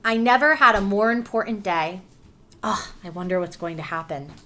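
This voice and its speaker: Gentle woman reading aloud to children. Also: medium pitch. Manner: gentle, coaxing, pauses to ask questions and spells letters slowly. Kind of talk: children's read-aloud with comprehension questions.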